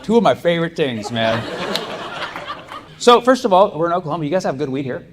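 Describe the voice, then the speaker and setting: Performing a stand-up set, this male comic talks a little fast with big swings in his fairly high pitch, staying loose and chatty and cracking up at his own punchlines. It's a live club recording full of audience noise.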